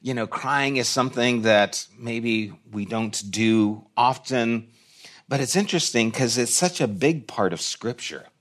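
A man's voice: medium pitch, measured pace, a bit bright. A man preaching a sermon in a church, reflective and conversational, with short restarts. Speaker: pastor.

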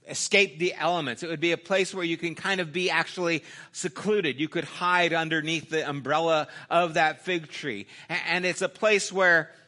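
Preaching in a conversational style, a middle-aged male pastor uses a somewhat high voice. His delivery shifts from loud emphasis to soft, intimate asides.

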